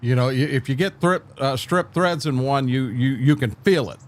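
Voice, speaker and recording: An older man giving casual commentary as a game streamer, halting and repeating words as he thinks. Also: medium pitch.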